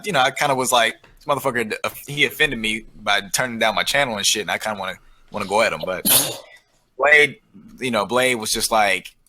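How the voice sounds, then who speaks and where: Bright-voiced profane man rambling a story. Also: on the low side, poor audio. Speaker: guest. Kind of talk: casual chat.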